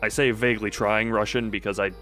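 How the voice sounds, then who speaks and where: A man's voice: fairly low pitch, little pitch movement, a little fast, a bit bright. Rambling young man streamer. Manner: rambling, self-interrupting, chatty. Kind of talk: casual late-night chat. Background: faint background music.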